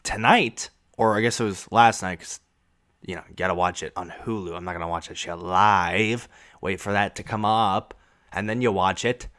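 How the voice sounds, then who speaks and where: A man's voice: sits low, normal speed, a bit bright. A young man hosting a podcast, ranting casually and sarcastically with lots of profanity. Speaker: podcast host.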